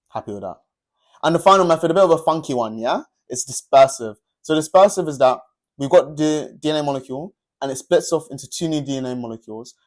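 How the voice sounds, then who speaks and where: A young man teaching a revision lesson over slides, upbeat and chatty, often checking in with "yeah?". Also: medium pitch. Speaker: tutor.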